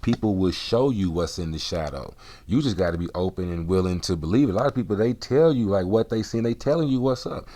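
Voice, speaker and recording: Male vlog host, deep voice, rambling slangy monologue. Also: a little fast, mellow, no room sound. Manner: rambling, profane, streetwise slang. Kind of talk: casual spiritual monologue.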